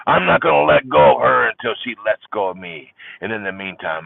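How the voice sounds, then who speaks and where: An older man hosting a support group livestream, talking in an impassioned monologue that swings between loud exclaiming and hushed near-whispers. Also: lowish voice, fairly quick, creaky, hardly any pauses. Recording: tinny phone-like audio, dry.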